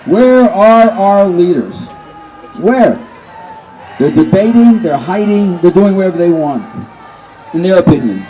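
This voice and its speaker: Mellow-voiced man speaking at a rally. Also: sits high, a little hiss or hum, low-quality recording. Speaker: rally speaker, army veteran. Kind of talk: outdoor protest speech. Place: outdoor street rally.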